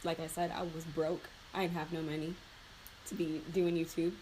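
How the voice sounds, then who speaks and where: A young beauty vlogger chats loosely while doing her makeup, sounding heartfelt and close to tears, with plenty of fillers and laughter. Her voice is low-pitched and darkish with a flat delivery at normal speed. The audio is poor, with slight background noise.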